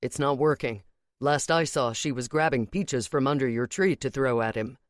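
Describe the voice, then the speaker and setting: A woman voicing a disciplined young man who reports things calmly and plainly. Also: very deep voice, moderate pace, dry recording, clean studio sound, voice pushed down. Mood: matter-of-fact.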